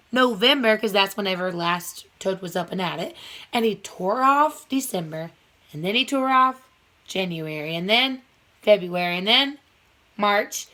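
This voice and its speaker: A woman's voice: mid-range voice, fairly bright tone. A young woman teaching first grade by video, upbeat and playful, asking the children questions as she reviews a storybook. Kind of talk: video reading lesson for children.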